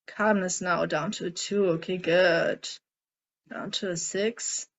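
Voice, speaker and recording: A woman coaching a group through a guided tapping and emotion-release exercise, speaking in a gentle, coaxing way and asking many guiding questions. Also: lowish voice, steady tone, takes it slowly. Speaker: emotional eating coach leading a group session.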